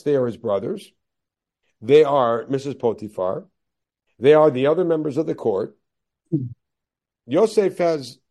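Gravelly-voiced man giving a Bible lecture. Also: fairly high pitch, dark tone. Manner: explanatory, asks rhetorical questions and answers them; reads Hebrew verse slowly, then explains quickly. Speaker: rabbi teaching Torah.

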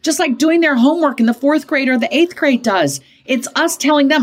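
Animated woman in her fifties. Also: normal speed. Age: 50s. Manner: animated, switches into higher voices to act out quoted parents and kids; emphatic, punctuates points with "okay?". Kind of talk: conversational storytelling in an interview.

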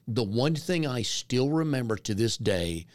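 A man's voice: mid-range voice, sing-song, a little slow, darkish tone, no room sound, clean studio sound. A man from North Carolina hosting a casual interview, chatty and self-deprecating as he tells stories. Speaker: podcast host.

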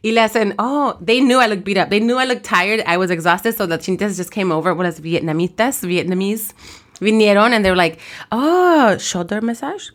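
A tired woman co-hosting a casual podcast chat, switching between English and Spanish, laughing through animated stories. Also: medium pitch, fast. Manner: bilingual code-switching, laughing, animated storytelling. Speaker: podcast co-host.

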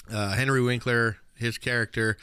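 A man's voice: medium pitch, sharp tone, clear, resonant tone, no echo, clean studio sound. A man co-hosting a podcast, chatting casually about a movie, with frequent fillers and laughs. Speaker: podcast co-host.

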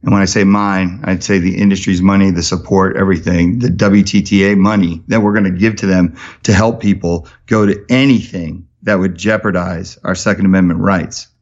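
Male podcast guest, lively storyteller, low voice, muffled lo-fi sound. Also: fairly quick, few pauses. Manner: energetic storyteller, many restarts. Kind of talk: casual interview talk.

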